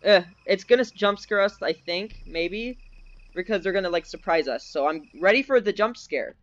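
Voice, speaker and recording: High-voiced jumpy male gamer. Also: expressive, moderate pace, a bit bright, no room sound, dull audio. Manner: jumpy, easily scared, nervous laughs. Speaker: gaming channel host. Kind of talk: live commentary while playing.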